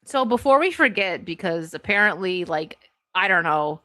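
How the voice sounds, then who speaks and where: A woman's voice: on the low side, expressive, moderate pace, pushed and bright, no echo. A woman co-hosting a livestream, chatting casually and laughing often as she rambles. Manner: giggly, rambling. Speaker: livestream co-host. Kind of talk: casual chat.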